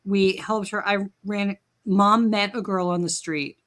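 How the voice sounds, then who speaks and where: A woman in her forties co-hosting a podcast, telling stories in an animated, jokey, emphatic way. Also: mid-range voice, a little slow. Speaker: podcast co-host. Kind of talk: casual storytelling chat.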